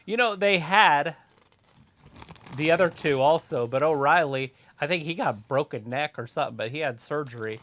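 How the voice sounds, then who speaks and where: A man's voice: fairly high pitch, normal speed, fairly bright tone, slight background noise. Male co-host, casual stream banter, offhand and opinionated, teasing tone. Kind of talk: casual watch-along chat.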